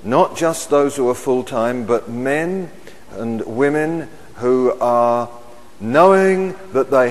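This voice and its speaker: A middle-aged man preaching a sermon, measured and emphatic, repeating his key phrases. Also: medium pitch. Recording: long hall reverb.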